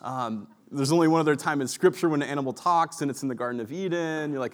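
A man's voice: fairly high pitch, quick pace, few pauses. A man preaching a sermon in a conversational storytelling way, full of asides and fillers. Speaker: pastor.

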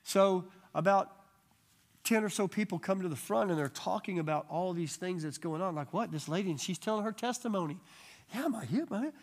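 A man leading a church Bible study, telling testimony stories in a lively way and acting out the people he quotes. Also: sits high, brisk. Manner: animated storyteller acting out quoted voices.

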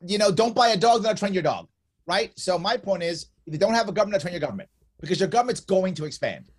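A man's voice: sits high, animated, fast talker, husky. A man talking as a guest in a casual conversation, emphatic and insistent, hammering his points home through repetition.

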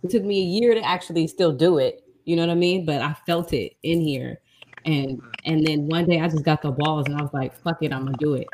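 Deep-voiced female comic, earnest and blunt, slight noise behind her. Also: a little fast, darkish tone. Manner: strong-willed, blunt, earnest. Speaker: stand-up comedian. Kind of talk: casual chat.

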